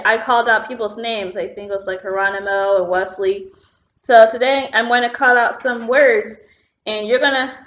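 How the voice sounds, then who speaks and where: In a bright, fairly high voice, a teacher leads an online phonics lesson, explaining patiently one step at a time with an occasional "um" as she writes on the board. The audio has a dull, roomy, lo-fi classroom feel.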